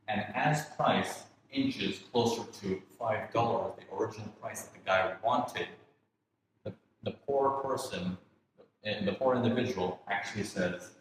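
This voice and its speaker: A man teaching trading to a class, animated, acting out traders' thoughts in quick asides. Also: fairly low pitch. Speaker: forex trading instructor. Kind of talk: lively teaching talk. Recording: echoey hall with faint noise.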